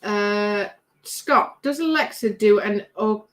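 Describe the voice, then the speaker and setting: Sitting at her craft bench at home, a British livestream host chats her way through viewer comments, rambling and laughing freely. Her mid-range voice is a bit bright, and she takes things slowly.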